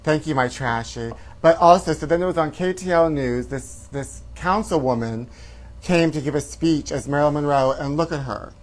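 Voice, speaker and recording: A man's voice: a little high, normal speed. A man hosting a comedy gossip show, talking in a flamboyant, campy way and calling listeners honey. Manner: flamboyant, calls viewers honey.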